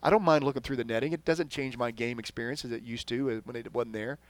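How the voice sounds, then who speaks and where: A man from Texas co-hosting a casual sports podcast, rambling through points and trailing off quietly at the ends of sentences. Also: medium pitch, steady tone, fast, dry recording. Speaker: podcast co-host.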